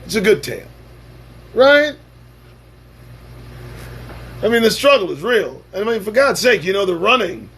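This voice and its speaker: Husky, lively-voiced man hosting a stream. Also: high voice, moderate pace, long pauses. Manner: profane, sarcastic, preachy. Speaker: livestream show host. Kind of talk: casual live-stream monologue.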